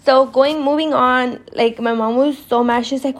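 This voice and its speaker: A woman's voice: high-pitched, steady tone, normal speed, few pauses. A young woman from California telling a casual storytime about her teens, swearing often and filling her talk with "like". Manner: profane, chatty, lots of "like". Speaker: podcast host.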